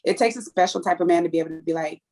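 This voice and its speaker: A woman guest on a podcast, telling lively stories and acting out what others said. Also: fairly low pitch, rapid-fire. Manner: animated storyteller, acts out others' lines. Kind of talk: casual chat.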